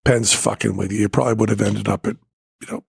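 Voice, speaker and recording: A calm, matter-of-fact man, as a storyteller puts him on, waving off a friend's worry. The voice drops low and quiet, gravelly and a little husky. It is recorded close and dry. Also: fast, heavily acted. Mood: dismissive.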